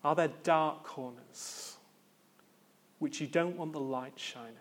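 A man preaching a sermon in an earnest, reflective way, with pauses and gentle emphasis. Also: a little high.

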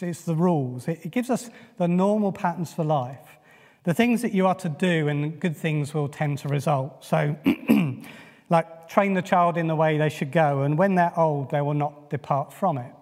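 A male preacher from England gives a sermon in an easy, conversational manner, dropping frequent "uh"s as he goes. His voice sits a bit high for a man. The sound carries the long reverb of a church hall. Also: a little mellow. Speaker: pastor.

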